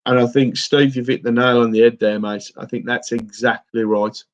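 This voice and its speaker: A man's voice: medium pitch, fairly even intonation, moderate pace. A man hosting a fishing livestream, chatting casually and a little emotionally while answering viewers' comments, calling them mate. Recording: slightly dull lo-fi stream audio.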